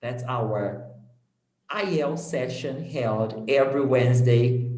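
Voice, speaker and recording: Slow-talking man, echoey room. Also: medium pitch, a little mellow. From Brazil. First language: Portuguese. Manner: halting, searches for words, laughs easily. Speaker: host of an English practice session. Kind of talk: casual conversation.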